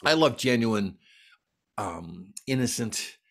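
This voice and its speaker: A man's voice: medium pitch, animated, slow. A man giving a folklore lecture at a library, enthusiastically reading out lists of dates and sighting reports. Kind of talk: lecture presentation.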